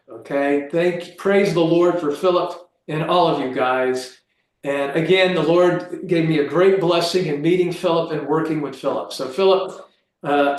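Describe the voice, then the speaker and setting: A man giving an emphatic, animated seminar lecture over a video call, restarting his sentences often. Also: on the high side. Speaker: guest lecturer. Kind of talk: seminar lecture and closing remarks. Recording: very echoey room.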